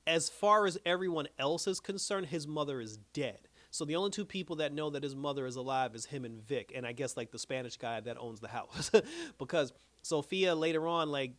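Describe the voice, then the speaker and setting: Male reviewer, loose chatty recap, voice sits a bit high. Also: a little fast, a bit bright, no echo. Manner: loose and rambling, heavy on fillers and restarts. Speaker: TV series reviewer. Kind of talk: casual plot recap.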